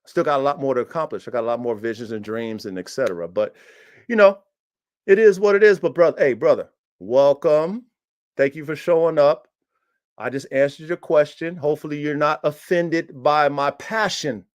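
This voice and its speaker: A man with a fairly high voice hosts a livestream podcast. He is boastful and confrontational, and he hammers his points with emphatic slang. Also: normal speed, highs cut off. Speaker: podcast host and dog breeder. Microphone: streaming setup.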